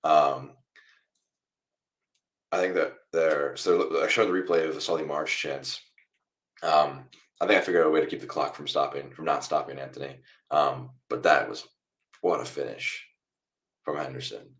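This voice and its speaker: This is a young man with a remarkably deep, low voice, hosting a live football watchalong stream. He talks casually to his viewers and walks through each play as he watches. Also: normal speed, pauses often. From United States. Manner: chatty, reacts loudly to goals then explains calmly. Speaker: watchalong host.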